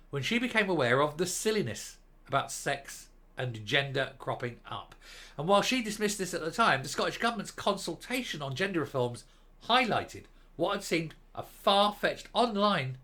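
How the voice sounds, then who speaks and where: A man's voice: on the high side, pushed and bright. A man giving opinionated, sarcastic commentary on a news article in a ranting manner. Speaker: commentary vlogger.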